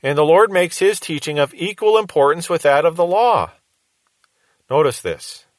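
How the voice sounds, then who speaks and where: A man's voice: on the high side, sing-song, normal speed, no room sound. A man giving a radio Bible teaching in an earnest, reasoning way, posing rhetorical questions to his listeners.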